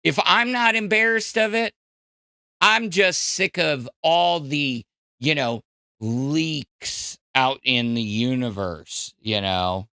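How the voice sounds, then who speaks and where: Gravelly, rambling podcast host man. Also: fairly high pitch, slow, bright, forceful tone, dry recording, studio quality. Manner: rambling, profane, many fillers and restarts. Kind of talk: casual crude podcast rant.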